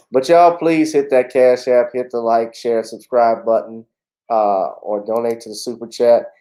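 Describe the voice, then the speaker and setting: A man's voice: mid-range voice, steady tone, a little slow, mellow, low-quality recording. A man hosting a casual livestream talk show, chatting in a laid-back way with frequent fillers.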